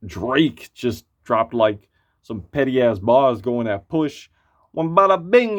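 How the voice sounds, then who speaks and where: A man's voice: mid-range voice, lively intonation, slow pace. A man giving a casual spoken album review, blunt and profane, rambling with lots of fillers. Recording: muffled lo-fi recording.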